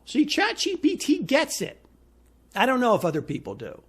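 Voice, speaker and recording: A man's voice: extremely high pitch, wildly swooping pitch, moderate pace, breathy edge. A man giving an indignant, insistent solo opinion monologue as a commentator. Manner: indignant, ranting; emphatic, insistent.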